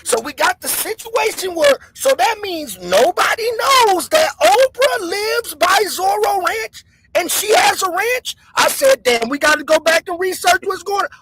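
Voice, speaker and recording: A man hosting a show, telling stories in an excitable, animated way and talking straight to his viewers. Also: very high voice, a little slow, noisy background. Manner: excitable, calls the audience "y'all" and "gang". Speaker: host.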